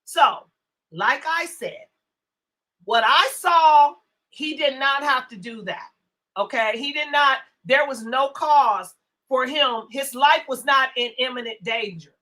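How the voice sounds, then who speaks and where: A woman's voice: high-pitched, measured pace, pushed and bright. A woman hosting a live stream, scolding chat trolls in a profane, repetitive rant. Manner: profane, scolding, repeats words. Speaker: livestream host. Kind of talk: angry livestream rant.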